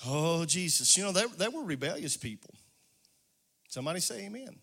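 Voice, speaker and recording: A man's voice: on the high side, very animated, brisk, gravelly, fairly bright tone. A man preaching a call-and-response sermon, calling on the congregation by name, with a sing-song rise in intensity. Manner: calls on congregation members by name. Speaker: pastor.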